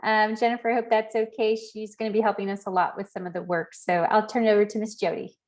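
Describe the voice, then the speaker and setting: A woman's voice: mid-range voice, level tone, quick pace, a little mellow. A woman consultant giving a cheerful self-introduction in an online meeting. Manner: cheerful, laughing. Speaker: public engagement consultant.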